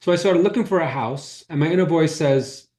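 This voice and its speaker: A man's voice: fairly high pitch, a little fast, darkish tone. A man giving a spiritual talk as a holistic healer, telling personal stories in a casual, conversational way. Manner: conversational storyteller who acts out quoted dialogue. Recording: roomy echo.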